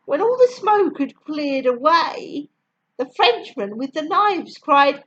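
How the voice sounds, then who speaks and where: Slow, expressive woman reading rhymes. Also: high voice, muffled recording. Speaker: storyteller. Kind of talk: reading rhyming poems aloud.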